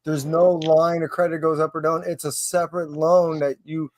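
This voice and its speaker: Brief: slightly high-voiced man, persistent and lecturing, explains at length. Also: little pitch movement, moderate pace, a little mellow, a little hiss or hum. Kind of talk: casual chat.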